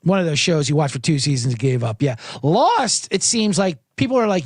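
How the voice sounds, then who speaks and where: A man's voice: on the high side, very animated, brisk, hardly any pauses, no echo, clean studio sound. A man hosting a casual sports betting podcast, rambling and profane, often cutting himself off mid-sentence. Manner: rambling, profane, self-interrupting. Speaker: podcast host. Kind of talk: casual livestream chat.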